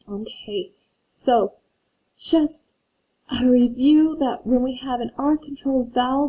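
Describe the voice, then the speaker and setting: A woman's voice: on the high side, breathy edge. A woman teacher giving a phonics lesson to children, patiently reading a story aloud and explaining syllables. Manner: slow, patient, reads aloud to young learners. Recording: tinny phone-like audio.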